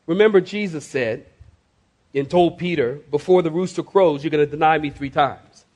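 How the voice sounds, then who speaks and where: A high-voiced man preaches a sermon in a church. He drags out key phrases slowly for weight, then lifts his voice in emphatic bursts. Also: darkish tone. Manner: preaching with dramatic slowdowns and sudden rises. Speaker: pastor. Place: church sanctuary.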